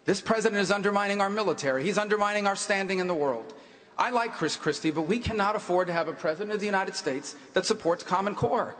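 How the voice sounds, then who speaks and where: Fast, high-voiced man making an emphatic debate pitch. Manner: forceful, emphatic, repetitive phrasing. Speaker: presidential candidate. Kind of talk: political debate answer. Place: large debate hall on stage. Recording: echoey hall reverb.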